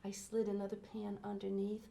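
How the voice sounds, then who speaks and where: A woman's voice: mid-range voice, completely flat delivery, brisk, creaky, mellow, roomy sound. A woman hosting a children's TV show, gushing and exclaiming as she talks straight to young viewers. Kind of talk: children's TV presenting.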